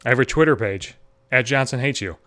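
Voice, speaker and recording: A man in his thirties spins a profane, self-mocking story in a middling voice. He is neurotic and blunt, and he jumps into quick acted-out voices for the people he describes. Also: mid-range voice. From Buffalo area, US. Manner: self-deprecating, heavy swearing, animated acted-out quotes. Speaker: stand-up comedian.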